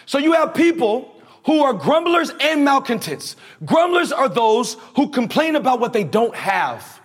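A man's voice: very high-pitched, big pitch swings, unhurried. A male preacher giving a conversational, slangy sermon, leading the congregation in call-and-response.

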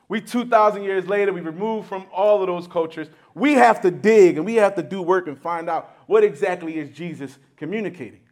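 A man preaching a sermon, teaching emphatically, restarting phrases and checking in with the congregation. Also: high-pitched. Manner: emphatic teaching with frequent restarts and rhetorical "right?".

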